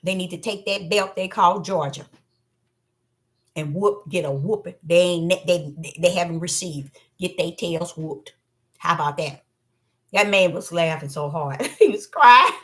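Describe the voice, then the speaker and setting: A woman preaching an animated sermon, who acts out voices and swings between low murmurs and loud cries. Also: measured pace. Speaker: self-styled prophetess. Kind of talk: preaching monologue.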